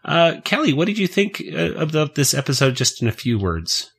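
A man hosts a casual podcast about a cartoon series, laughing often as he talks. His voice is bright and a little husky, with a lively, swinging pitch. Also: normal speed. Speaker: podcast host. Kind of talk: casual chat.

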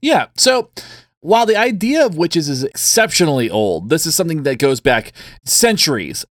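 An enthusiastic man co-hosts a casual podcast. His voice is a little high and swings widely in pitch. The recording is dry and close. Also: dry recording. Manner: enthusiastic, animated, laughs along. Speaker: podcast co-host.

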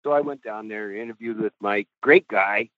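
Low-voiced man telling stories over a tinny line. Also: normal speed, dry recording. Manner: rambling anecdotal, chuckling, swears freely. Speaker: goalie coach. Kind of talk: podcast storytelling. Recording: tinny phone-like line, dry.

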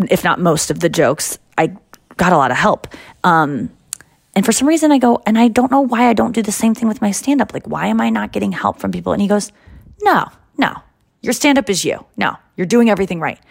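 A woman in her forties hosts a podcast in casual conversation, her voice low and gravelly. She tells stories with lively quick impressions of the people in them. The sound is close and dry. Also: no room sound. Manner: animated storytelling, quick impressions of others. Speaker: podcast host. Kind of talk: casual chat.

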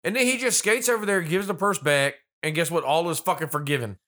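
Profane, sarcastic man with a bright voice. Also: a little high, brisk. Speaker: podcast co-host. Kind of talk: casual movie-review chat.

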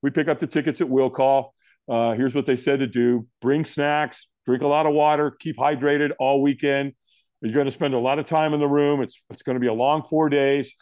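A man's voice: medium pitch, normal speed, no echo, studio quality. A middle-aged man telling a personal story in an interview, acting out the lines of the people in it. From United States. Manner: animated storyteller, acts out quotes. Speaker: guest.

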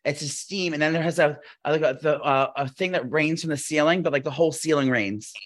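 A man's voice: on the high side, fairly quick. A man in his thirties co-hosting a podcast, telling long rambling stories in casual chat with lots of fillers. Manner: rambling, animated storytelling with many fillers. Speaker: podcast co-host.

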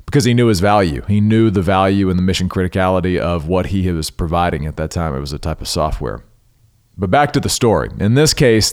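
A man hosting a solo business podcast, talking earnestly and emphatically, with restarts and side remarks. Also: sits low. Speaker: podcast host.

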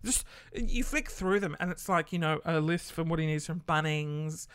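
A man's voice: fairly high pitch, moderate pace, fairly bright tone, clean tone, no echo, studio quality. Chatty Australian man telling stories. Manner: chatty and rambling, swears casually, many fillers. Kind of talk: casual storytelling monologue.

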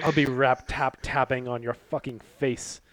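A man's voice: medium pitch, fairly even intonation, moderate pace, a bit bright, dry recording, natural voice, poor audio. A man voicing a gloomy poet turned wrestler, taunting and laughing through improvised trash talk. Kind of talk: improvised comedy role-play.

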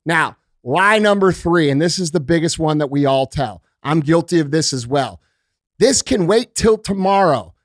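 A man with a high voice delivers a blunt, profane motivational monologue to his listeners. He hectors them and caps his points with a quick "okay?". The sound is dry and close. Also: animated, no room sound. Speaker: podcast host.

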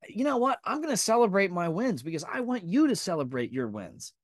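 A man's voice: sits high, very animated, fairly quick, hardly any pauses, dry recording, studio quality. Intense, profane motivational man. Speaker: podcast host. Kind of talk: motivational monologue.

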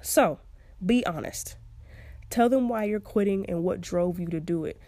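A woman's voice: lowish voice, measured pace, warm tone, no echo. A young woman hosting a podcast, giving casual advice in a chatty way and laughing often. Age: young adult. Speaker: podcast host.

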